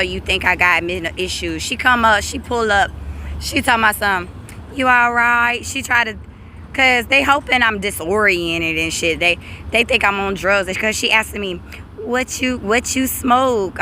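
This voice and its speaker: Sharp-voiced woman rambling outdoors. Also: mid-range voice, moderate pace, slight background noise. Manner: rambling, restarting, swearing freely. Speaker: vlogger. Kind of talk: casual storytelling vlog. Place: outdoors by a street.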